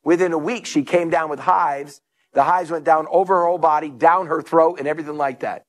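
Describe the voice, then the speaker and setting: High-voiced storytelling male pastor. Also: a little fast. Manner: storytelling preacher, animated, acts out quotes. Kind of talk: sermon.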